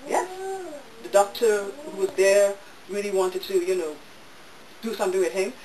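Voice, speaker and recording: A woman's voice: mid-range voice, steady tone, normal speed, darkish tone. A woman speaking to an audience at a public talk, telling her own story with intensity and repeating her phrases. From United States. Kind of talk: personal testimony to an audience. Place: bookshop event room. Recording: roomy, distant, faint hiss.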